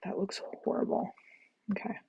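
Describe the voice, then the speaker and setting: A woman's voice: normal speed, phone-quality sound, slight background noise. A woman hosting a book-reading livestream, chatting casually and bubbly with viewers, full of jokey asides. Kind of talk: casual live chat with viewers.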